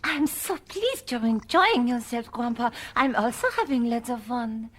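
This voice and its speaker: Coy flirt with a fake French accent. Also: female voice, fairly high pitch, animated, measured pace, fairly bright tone. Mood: flirty. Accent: put-on French.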